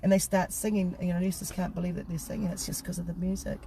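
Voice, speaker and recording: A woman's voice: on the low side, level tone, fast talker, vocal fry, background noise. A woman from New Zealand with a New Zealand accent, a singer chatting casually as a guest and laughing often. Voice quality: laughs often, bubbly and warm-hearted. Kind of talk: casual interview chat.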